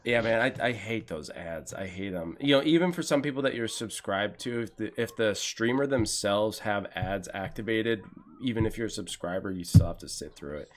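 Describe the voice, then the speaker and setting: Male co-caster, lowish voice, chatty play-by-play, self-correcting. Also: lively intonation, moderate pace, slight background noise. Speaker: esports co-caster. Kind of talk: casual play-by-play commentary.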